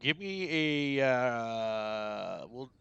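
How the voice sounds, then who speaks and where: Hesitant bright-voiced male game master. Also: medium pitch, lively intonation, extremely slow, gravelly, clear, resonant tone, no echo, dull audio. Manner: hesitant, many fillers and restarts. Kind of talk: narrating a tabletop game.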